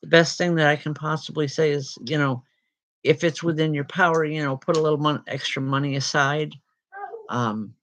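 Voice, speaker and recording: A woman's voice: low voice, steady tone, normal speed, a little hiss or hum. A woman working as a spiritual medium, giving readings. She calls people by name and passes on spirit messages in a reassuring way. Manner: addresses people directly by name.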